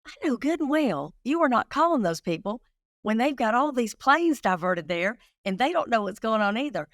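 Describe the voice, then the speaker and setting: A woman's voice: fairly high pitch, sing-song, normal speed, no echo, studio quality, pitched above the performer's own voice. A woman voicing her husband, a blunt, doubtful man, within her own story. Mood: skeptical. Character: skeptical teasing husband.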